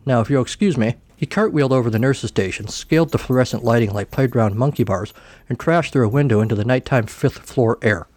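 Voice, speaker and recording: A man narrating a comic story in a dry, deadpan manner, shifting his pitch for each character. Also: brisk, no room sound. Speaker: podcast host reading a story.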